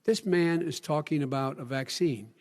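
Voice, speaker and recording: Older man, earnest debater, high-pitched. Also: normal speed. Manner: earnest, repeats phrases, drops to low emphatic tones. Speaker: presidential candidate. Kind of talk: televised debate. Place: large debate hall. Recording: long hall reverb.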